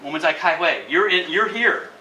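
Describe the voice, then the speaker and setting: High-voiced man teaching a classroom. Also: normal speed. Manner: animated, mixes Chinese into English explanations. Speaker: English teacher. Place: school classroom with students. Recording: echoey room, distant mic, class noise.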